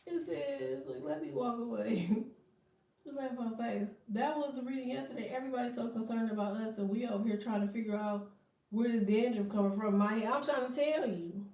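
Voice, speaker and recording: A woman's voice: a little high, fairly quick, warm tone. A woman giving a casual tarot reading, blunt and profane, breaking into laughing asides. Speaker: tarot reader. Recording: echoey room, distant from mic.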